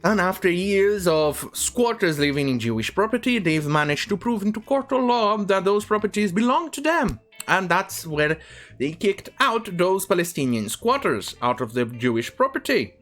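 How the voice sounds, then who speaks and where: Opinionated commentator, animated rant. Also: mid-range voice, normal speed, soft background music. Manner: opinionated, with frequent restarts and asides. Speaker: online commentator. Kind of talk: ranting news commentary.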